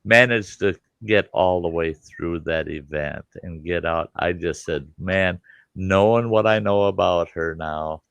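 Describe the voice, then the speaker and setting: A man with a very deep, low voice speaks in a casual group conversation, recorded dry and close with no room echo. He talks earnestly, stumbles over his starts and repeats words as he gets going. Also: unhurried, vocal fry, fairly bright tone, smooth. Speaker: host. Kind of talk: casual chat.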